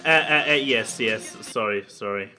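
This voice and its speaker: A man co-hosting a podcast in casual chat, halting and repeating words as he thinks. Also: mid-range voice, pushed and bright, soft background music. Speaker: podcast co-host.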